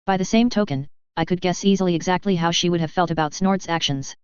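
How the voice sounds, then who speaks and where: Steady first-person audiobook narrator; smooth tone, slightly dull, muffled recording. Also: medium pitch, fast talker, dry recording.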